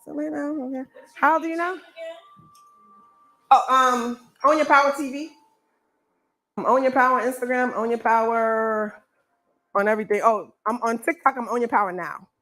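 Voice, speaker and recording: A woman's voice: on the high side, fairly even intonation, moderate pace, pauses often, sharp tone. A woman from the Bronx, teaching a Reiki workshop in a playful, chatty way. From the Bronx, New York. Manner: playful, chatty, laughs often. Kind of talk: live workshop demonstration. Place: library workshop room.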